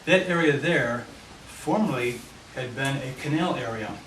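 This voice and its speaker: Unhurried and fairly bright, a man with a medium-pitched voice and lively intonation presents at a committee meeting, taking listeners through a handout map of his neighborhood. The meeting room echoes, the mic is far away, and the recording is noisy.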